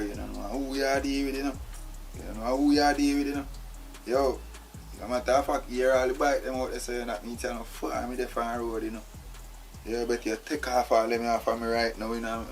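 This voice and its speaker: A man's voice: mid-range voice, flat delivery, brisk, soft background music, close to an everyday voice. Man playing a defiant tied-up Jamaican man. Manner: insistent, repeats "you know". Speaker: actor. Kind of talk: acted film drama.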